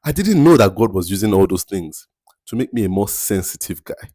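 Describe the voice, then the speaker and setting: Nigerian guy on his podcast, slow careful words, lowish voice, dry close sound. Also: big pitch swings, mellow, dry recording. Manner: slow, deliberate, picks words carefully with emphatic repetition. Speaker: podcast host. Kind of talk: faith-based motivational talk.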